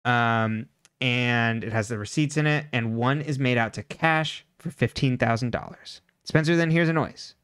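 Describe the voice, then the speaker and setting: A man co-hosting a podcast, rambling through a casual TV recap full of ums and likes. His voice is smooth and clear at an ordinary pitch. He sits close to the mic in a dry, dead room. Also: normal speed, fairly bright tone, no room sound. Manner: rambling, filler-heavy storytelling. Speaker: podcast co-host.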